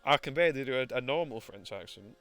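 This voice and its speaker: A man's voice: mid-range voice, lively intonation, fast, fairly bright tone, clear, resonant tone, soft background music. A man streaming a courtroom video game, reading lines aloud and joking around in casual commentary. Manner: reads game dialogue aloud and jokes. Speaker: VTuber streamer. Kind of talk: casual let's-play commentary.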